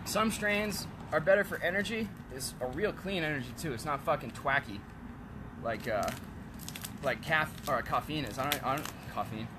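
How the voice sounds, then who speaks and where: A man's voice: fairly high pitch, moderate pace, background noise. Foul-mouthed man ranting outdoors. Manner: profane, blunt, frequent swearing; gets loud and heated when angry. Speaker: vlogger selling kratom. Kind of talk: casual rant to camera.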